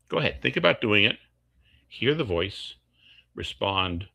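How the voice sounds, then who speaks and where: A man's voice: fairly low pitch, sing-song, unhurried, gravelly, bright, forceful tone, slightly rough. A man, a course instructor, explaining teaching techniques step by step through worked examples over a video call.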